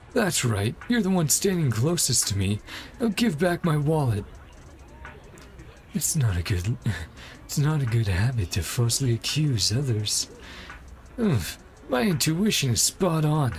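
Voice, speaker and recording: A man's voice: medium pitch, pitched above the performer's own voice. A man voicing an arrogant, entitled rich young man in a game, reading his lines in a haughty, indignant way.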